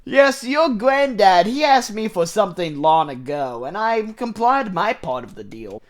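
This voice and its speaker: A man's voice: high-pitched, big pitch swings, measured pace. A man voicing a scheming male shadow entity that offers deals, in a grand, coaxing, theatrical voice. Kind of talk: voiced game dialogue reading.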